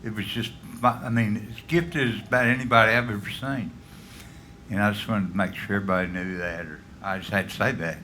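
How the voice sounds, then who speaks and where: A man's voice: on the low side, fairly even intonation, fairly quick, sharp tone, slight background noise. A man giving an earnest, off-the-cuff tribute on a small pub stage. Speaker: musician paying tribute. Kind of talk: spoken tribute.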